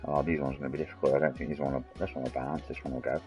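This is a man in his forties with a very deep, low voice. He chats to his stream's viewers in a loose, rambling, matey way while he plays. Soft music sits faintly behind him. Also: little pitch movement, racing, dull audio. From England. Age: 40s. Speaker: game streamer. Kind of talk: casual live-stream chat.

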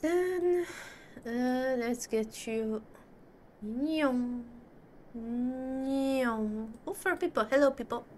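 A woman's voice: high voice, very slow, darkish tone, a little hiss or hum. A woman casually commenting on her gameplay, talking to her character and laughing often. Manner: talks to her game character, laughs a lot. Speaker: gaming channel host.

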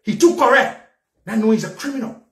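Talk show host, male, high-pitched and fiery, echoey room. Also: fairly quick. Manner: fiery, repetitive, shouting at times. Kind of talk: angry political rant.

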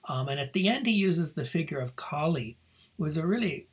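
A man's voice: a little high, animated, brisk, slightly rough. A man giving a recorded lecture on a novel, talking through slides in a reflective way with frequent asides. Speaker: literature lecturer.

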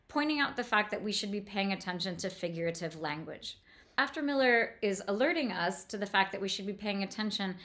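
In a lecture on a novel, a woman speaks thoughtfully and with clear enthusiasm for its prose, though she often restarts and uses fillers. She has a somewhat bright, mid-range voice.

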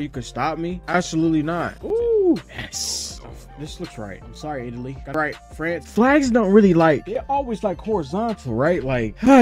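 A man giving casual, swearing commentary while playing a game, squealing and shouting at jumps and singing bits of rap. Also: fairly high pitch. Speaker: gaming streamer. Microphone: headset or desk mic with face cam.

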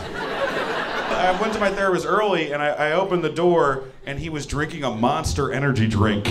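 A man doing a stand-up set on a club stage, self-mocking and quick, slipping into acted-out voices. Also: a little high, animated. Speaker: stand-up comedian. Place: comedy club stage before a laughing crowd. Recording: echoey club with audience noise.

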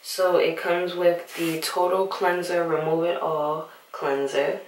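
A young woman vlogger talking casually at night in a hushed, half-whispered voice so she won't wake anyone, recording on a handheld phone in her bathroom. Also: on the low side, level tone, slow pace, a little hiss or hum. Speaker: beauty vlogger. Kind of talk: late-night casual vlog. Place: bathroom at home. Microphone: handheld phone camera. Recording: roomy, slightly distant phone audio.

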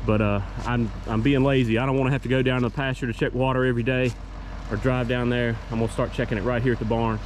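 A man talking casually through a farm vlog outdoors, relaxed and rambling with many fillers. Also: mid-range voice, fast, hardly any pauses, a little hiss or hum. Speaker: farm vlogger.

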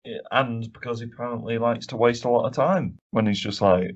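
A man's voice: mid-range voice, a little fast. A man co-hosting a casual film review podcast, ranting and swearing often with frequent laughs. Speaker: podcast co-host. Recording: dull lo-fi podcast audio.

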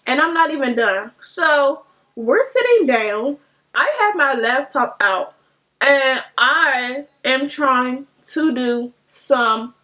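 Young woman, high bright voice, animated storytime vlogger. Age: young adult. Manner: animated, swearing, mimics voices. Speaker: beauty vlogger.

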